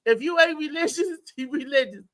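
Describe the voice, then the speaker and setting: A woman comedian telling comic stories in casual chat, animated and laughing, acting out the people in her stories. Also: high-pitched, a little fast, no echo. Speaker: stand-up comedian guest.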